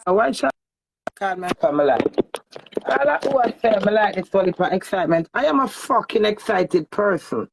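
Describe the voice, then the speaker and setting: A woman with a Jamaican accent giving a heated, emphatic livestream rant to her viewers, swinging from loud bursts to low mutters. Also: lively intonation, a little fast, creaky, background noise. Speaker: online personality.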